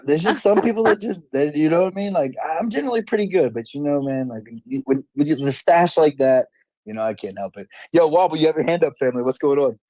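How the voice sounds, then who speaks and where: Fast-talking man hosting a casual chat. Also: fairly high pitch, expressive, a little mellow, dry recording, poor audio. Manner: fast, filler-heavy streetwise talk. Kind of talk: casual online audio chat.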